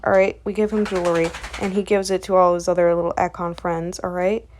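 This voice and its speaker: A woman's voice: lowish voice, flat delivery, a little fast, a little mellow, a little hiss or hum. A woman recapping a webcomic in a rambling, chatty way, full of fillers. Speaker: comic recap creator. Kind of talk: casual comic recap.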